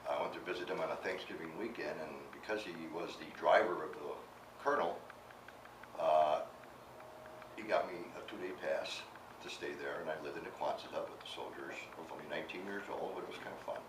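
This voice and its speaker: A man's voice: very deep voice, fairly quick. A man in his eighties, an author telling chatty anecdotes to an audience at a book event and laughing through his own story. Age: 80s. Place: event hall. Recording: echoey room, distant mic, background noise.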